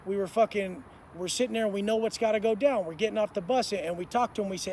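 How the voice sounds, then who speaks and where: Man, high-pitched voice, intense street-slang storytelling, heavy swearing, outdoors in a city, faint traffic noise. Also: fast talker, hardly any pauses, darkish tone. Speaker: motivational speaker. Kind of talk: storytelling monologue.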